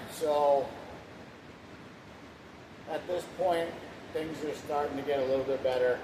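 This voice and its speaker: A man's voice: on the high side, steady tone, slow. A man in his thirties, casually telling his life story in a rambling, plainspoken way, now and then swearing. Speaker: husband sharing his testimony. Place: room at home. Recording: echoey room with background hiss.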